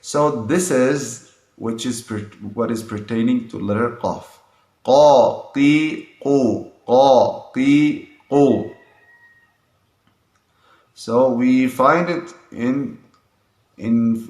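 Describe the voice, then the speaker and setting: Slow-speaking man teaching letters. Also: medium pitch, echoey room. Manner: repeats sounds and phrases to demonstrate them. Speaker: Quran pronunciation teacher. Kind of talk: slow explanatory lesson with demonstrations.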